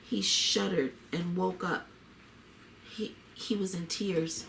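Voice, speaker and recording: A woman narrating a scripted story in a measured, plain way. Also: fairly low pitch, fairly even intonation, creaky, a bit bright, recorded from a distance, slight background noise. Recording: roomy echo, faint ambience.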